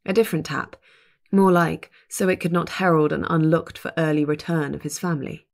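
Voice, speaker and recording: A woman narrating a fantasy audiobook in a measured, even reading. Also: low-pitched, vocal fry. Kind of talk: scripted narration.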